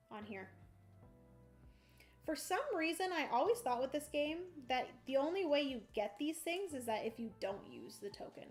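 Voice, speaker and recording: A high-pitched woman chats her way through a solo board game on a cozy livestream, bubbly and playful as she narrates every move. Soft music plays faintly behind her. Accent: playful put-on country twang.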